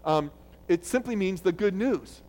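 A man preaching a sermon in a conversational way, restarting phrases and getting loud when he quotes scripture. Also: sits high, animated, measured pace. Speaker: pastor.

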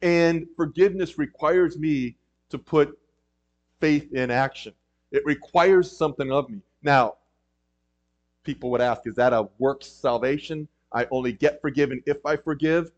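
A man's voice: fairly high pitch, measured pace. A man preaching a sermon in a conversational way, with frequent ums and emphatic rises. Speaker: pastor. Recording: dull lo-fi recording.

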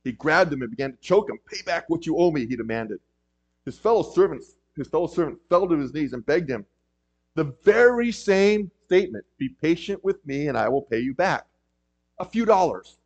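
Higher-voiced man preaching, lo-fi sound. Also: a little mellow. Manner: conversational preaching with frequent ums and emphatic rises. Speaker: pastor. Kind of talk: sermon. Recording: dull lo-fi recording.

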